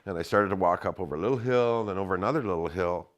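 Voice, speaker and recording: A man's voice: low voice, racing, dull audio. A middle-aged man telling a story in casual speech, swearing often and acting out the dialogue in a raised voice.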